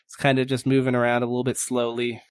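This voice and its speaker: A man's voice: mid-range voice, monotone, fast, no room sound. A man narrates as game master of a tabletop game in a loose, casual way. He swears freely and fills his talk with ums and uhs. The recording is close and dry.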